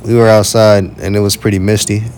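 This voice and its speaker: A man co-hosting a casual podcast with his partner, relaxed and slangy. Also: fairly low pitch, a little hiss or hum. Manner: slow, laid-back, slangy. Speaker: podcast co-host. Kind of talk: casual travel podcast chat.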